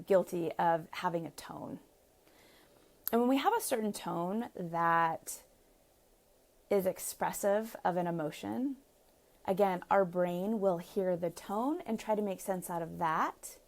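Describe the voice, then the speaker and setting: A woman's voice: fairly low pitch, a little slow. A woman relationship coach giving chatty live advice to viewers, laughing often and acting out what partners say. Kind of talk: live-streamed advice talk.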